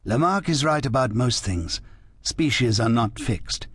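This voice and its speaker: A male narrator voicing a mysterious, wistful French woman, speaking slowly and in hushed tones. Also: mid-range voice, expressive, husky, no room sound. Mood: musing. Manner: slow, hushed, musing speech. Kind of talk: audiobook character reading.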